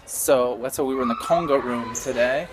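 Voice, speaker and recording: A man chatting through a casual family vlog. He rambles and often restarts mid-sentence. The recording carries a clear layer of background noise. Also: mid-range voice, normal speed. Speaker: vlog host and father.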